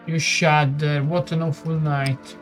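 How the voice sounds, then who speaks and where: Italian let's-play host, halting reader, slightly high voice, drawn-out pace. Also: male voice, flat delivery, faint music behind. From Italy. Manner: reads haltingly with stumbles and muttered asides. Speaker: gaming channel host. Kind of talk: let's play, reading game text aloud.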